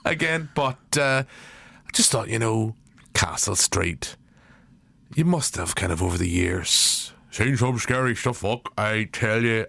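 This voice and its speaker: Man doing old butcher character, Northern Irish accent, profane and rambling, high swooping voice, dry close sound. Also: gravelly, fairly bright tone, no room sound, exaggerated voice. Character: foul-mouthed elderly male butcher shop owner. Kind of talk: improvised comedy sketch.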